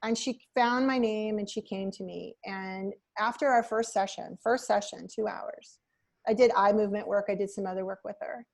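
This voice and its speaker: A woman's voice: medium pitch, steady tone, normal speed, vocal fry, a little mellow. Earnest woman telling reflective stories. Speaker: hypnotherapist guest. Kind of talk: conversational interview.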